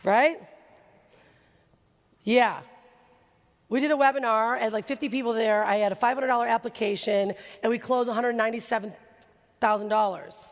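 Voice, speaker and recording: A woman giving an energetic keynote talk on a conference stage, excitable and quick with asides. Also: a little high. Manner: excitable, laughs often, rapid asides. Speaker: keynote speaker. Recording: reverberant hall recording.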